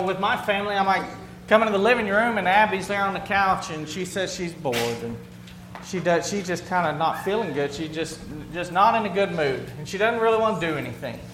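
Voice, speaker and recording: A man's voice: sits high, a bit bright. A male pastor giving an earnest, conversational sermon to his congregation, often restarting and repeating phrases as he talks. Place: church sanctuary with a congregation. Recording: roomy hall sound with faint hum.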